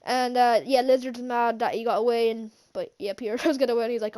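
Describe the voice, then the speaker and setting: In a warm, slightly high voice with fairly even intonation, this woman talks fast as she recaps a movie for her vlog. She's a channel host and film reviewer whose rambling summary is full of fillers and restarts, with frequent chuckles as she goes over scenes.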